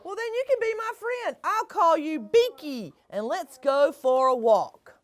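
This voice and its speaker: A woman's voice: sits high, expressive, unhurried, pitched above the performer's own voice. A woman voicing a friendly, cheerful male frog in a children's picture book, with a bouncy, chatty way of talking.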